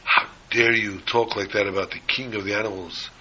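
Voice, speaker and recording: A man's voice: fairly low pitch, fairly even intonation, a little fast, sharp tone, slightly rough, exaggerated voice, low-quality recording. A man voicing a proud, menacing male lion king in a sermon parable, with an imperious, demanding manner.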